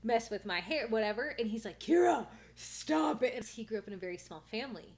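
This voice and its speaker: A young woman who is a guest on a podcast, easygoing and loud by her own account, chatting casually. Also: mid-range voice, fast, slight background noise. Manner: easygoing, says she is loud. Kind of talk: casual chat.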